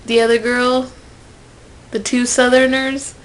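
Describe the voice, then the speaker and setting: A young woman telling a personal story to camera in a casual vlog, swinging from loud outbursts to whispered asides. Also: fairly high pitch, little pitch movement, slow pace, low-quality recording. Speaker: vlogger.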